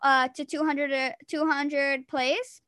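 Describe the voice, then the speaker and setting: High-voiced excitable young woman podcaster. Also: slow. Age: young adult. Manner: excitable, giggly. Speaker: podcast host. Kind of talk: casual podcast chat.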